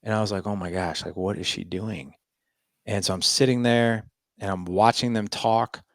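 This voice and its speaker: A man in his forties, a podcast guest, telling a personal story in an animated way and acting out what others said. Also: fairly low pitch, moderate pace, no echo, clean studio sound. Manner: animated storyteller, lots of "I was like" quotes. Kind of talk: storytelling interview.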